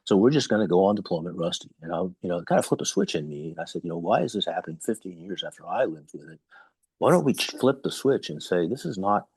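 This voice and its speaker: Man, fifties, American accent, deep voice, dry close recording, chatty guest. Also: quick pace, creaky, breathy edge, no room sound. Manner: animated anecdotes, frequent ums. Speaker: retired navy captain guest. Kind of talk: conversational podcast interview.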